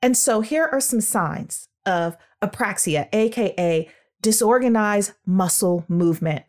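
A woman in her thirties hosting a solo podcast as a speech therapist, talking in an upbeat, playful and emphatic way. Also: measured pace. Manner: energetic, playful, emphatic with big pitch swings. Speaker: podcast host, speech-language pathologist.

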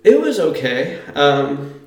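A man co-hosting a casual podcast. He tells lively stories and acts out the people in them loudly. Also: a little high, slow. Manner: animated storyteller, acts out quotes loudly. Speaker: podcast co-host, youth pastor. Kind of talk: casual chat, storytelling. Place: church basement. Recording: echoey basement room.

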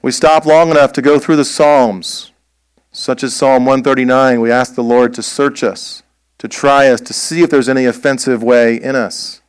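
A man preaching a sermon as pastor, slow and emphatic, posing rhetorical questions. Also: mid-range voice, fairly even intonation, clean tone, no echo.

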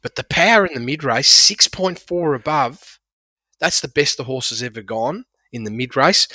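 A man's voice: on the high side, bright, forceful tone, dry recording. A man, breaking down horse racing form with enthusiastic, emphatic analysis. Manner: enthusiastic, emphatic about figures.

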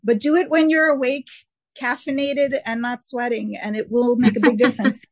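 A woman's voice: fairly high pitch, steady tone, normal speed, a little mellow, dry recording. A woman with a New York accent, co-hosting a podcast in casual, chatty talk and laughing easily. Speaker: podcast co-host. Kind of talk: casual chat.

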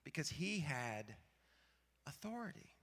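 A pastor from Arkansas, preaching a sermon in a conversational, storytelling way and asking the audience rhetorical questions. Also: male voice, on the high side, big pitch swings, measured pace, fairly bright tone, big-room sound. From Arkansas, USA.

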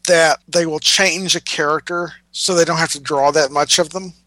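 Male podcast co-host: bright, forceful voice, dry close sound, sarcastic ranting delivery. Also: a little high, steady tone, moderate pace, no echo, rough recording. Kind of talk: casual podcast chat.

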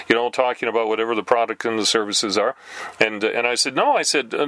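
A man's voice: quick pace, dry recording. A man telling funny stories in a chatty monologue, with lots of fillers, laughing now and then. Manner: animated, jumps higher when reenacting calls. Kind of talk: casual storytelling monologue.

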